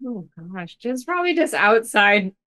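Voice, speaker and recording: A woman's voice: a little high, sing-song, normal speed, bright, forceful tone. A woman playing in a tabletop role-playing game, answering in short, casual replies. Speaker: player. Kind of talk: casual chat.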